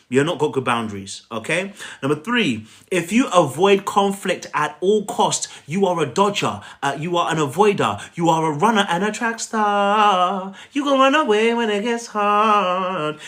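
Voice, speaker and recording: A man's voice: high voice, fairly bright tone. A man giving an emphatic, repetitive coaching talk on a live stream, asking viewers to repeat after him and speaking to them directly. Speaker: relationship coach.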